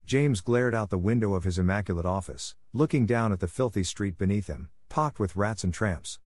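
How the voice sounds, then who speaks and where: A man narrating a comic short story in a deadpan, matter-of-fact way. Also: fairly low pitch, normal speed, no room sound, studio quality.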